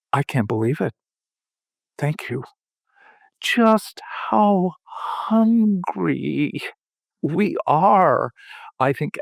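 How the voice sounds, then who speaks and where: Older male host, unhurried and reflective, restarts often, dry studio sound. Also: gravelly, no echo. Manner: slow, halting, with restarts and sudden lifts in pitch. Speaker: podcast host. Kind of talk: reflective conversation.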